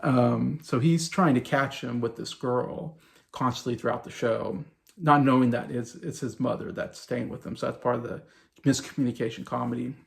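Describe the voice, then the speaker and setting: A man's voice: mid-range voice, fairly even intonation, normal speed, gravelly. A man around forty giving a casual, rambling review of a TV show, full of fillers and little chuckles. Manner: rambling, loose retelling with many fillers and chuckles.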